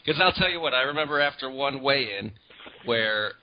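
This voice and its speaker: A man's voice: medium pitch, lively intonation, normal speed, muffled recording. A man hosting a casual interview, asking loose, chatty questions with a laugh. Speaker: podcast host.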